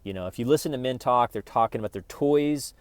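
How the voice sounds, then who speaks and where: A man's voice: medium pitch, quick pace, smooth, no room sound. A middle-aged man hosting his own channel, giving a casual, joking spiritual self-help talk that often restarts mid-sentence. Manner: conversational and joking, with frequent restarts. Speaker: YouTube channel host.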